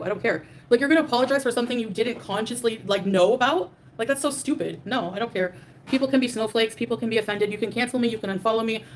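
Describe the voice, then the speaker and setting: On her livestream, a young woman with a voice on the high side reads super chats and rants at her chat, defiant and profane, with many fillers. A faint hiss or hum runs under the audio.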